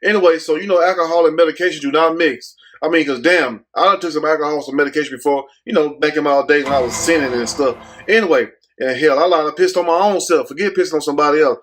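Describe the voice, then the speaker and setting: A man talks straight to his viewers in a loose, mocking commentary rant. He curses freely and riffs on the news with jokes. His voice sits a little higher than most men's. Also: fast talker, hardly any pauses, a bit bright. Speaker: YouTube commentary host.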